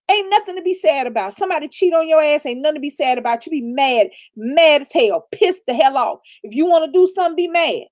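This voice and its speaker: A woman's voice: high voice, no room sound, studio quality. A woman giving blunt, profane relationship advice in a casual live chat, laughing often. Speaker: livestream co-host.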